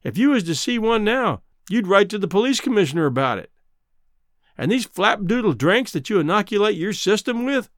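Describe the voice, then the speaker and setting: A man reading the part of a gruff, scornful Western cowhand who scolds in a folksy drawl. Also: high voice, no room sound, studio quality, pitched above the performer's own voice.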